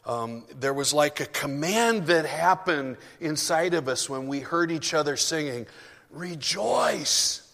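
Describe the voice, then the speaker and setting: A man's voice: fairly high pitch, a little slow, hardly any pauses, a bit bright. A male pastor giving a chatty, self-deprecating sermon full of asides, speaking to his congregation in a church sanctuary. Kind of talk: conversational sermon. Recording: long reverb of a hall.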